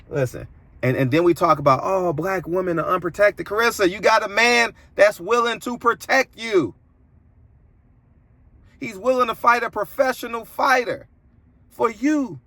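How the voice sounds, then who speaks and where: A man's voice: creaky, fairly bright tone, no room sound. Preachy, emphatic man commentator. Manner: preachy and emphatic, voice swinging high when indignant. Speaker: boxing commentator and interviewer. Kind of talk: opinionated commentary monologue.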